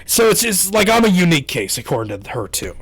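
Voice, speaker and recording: A man's voice: high voice, very animated, fast talker, a bit bright, husky, dry recording. A man telling a story in a rambling, casual rant to his YouTube audience, exasperated and swearing often.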